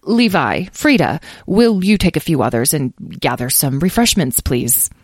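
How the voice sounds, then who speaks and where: A courteous old male guild elder, lowered and dry, picking his words with polite stammers, as a woman reads him in a storybook. He sounds formal and apologetic, steady rather than showy. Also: normal speed, breathy edge, dry recording, exaggerated voice.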